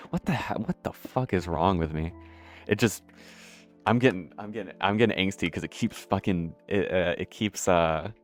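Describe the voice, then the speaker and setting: A man with a very deep voice rambles through casual gameplay commentary, cursing freely and laughing at his own mistakes. Soft music plays faintly underneath. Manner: rambling, profane, self-deprecating. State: out of breath. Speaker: gameplay streamer.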